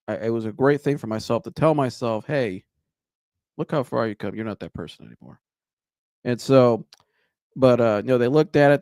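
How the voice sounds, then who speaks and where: A man's voice: lowish voice, a little mellow, no echo, clean studio sound. A man hosting a podcast, telling a long rambling anecdote in a casual way, with restarts and laughter. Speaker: podcast host. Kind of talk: casual storytelling.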